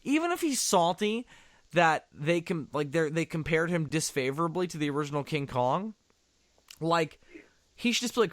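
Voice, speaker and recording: A fairly high-voiced man riffs sarcastically through a movie commentary, his pitch swinging widely as he goes. The sound is dry and close. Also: moderate pace, no room sound. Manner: animated, sarcastic, swears often.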